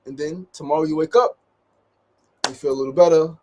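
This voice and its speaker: Upbeat man with a higher voice. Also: fairly even intonation, fairly quick, a little mellow. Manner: upbeat, repeats phrases, keeps asking "right?". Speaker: daily show host. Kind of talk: motivational casual talk.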